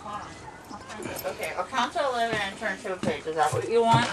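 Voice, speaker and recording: A woman's voice: mid-range voice, lively intonation, brisk, heavy background noise. A woman hosting a casual home vlog, rambling and playfully bossy as she chats. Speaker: vlog host. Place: home room with ambient noise.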